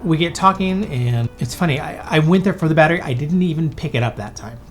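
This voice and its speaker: Fast-talking male podcast storyteller. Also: fairly high pitch, lively intonation, faint music behind. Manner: chatty, with many fillers and quick restarts. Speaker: podcast host and photographer. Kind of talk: casual storytelling.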